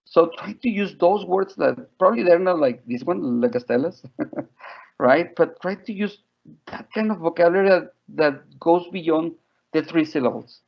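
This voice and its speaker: Gravelly man teaching teachers. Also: a little high, moderate pace. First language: Spanish. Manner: chatty, frequent "right?" and "like". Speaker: teacher trainer. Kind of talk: online teacher training webinar. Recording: dull lo-fi audio.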